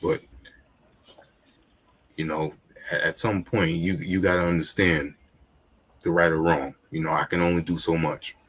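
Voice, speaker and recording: A man's voice: deep voice, steady tone, unhurried, long pauses, a bit bright, husky. A man hosting a podcast interview, chatting casually and affirming his guest often. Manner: affirming, lots of "yep" and "mm-hmm". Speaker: podcast host.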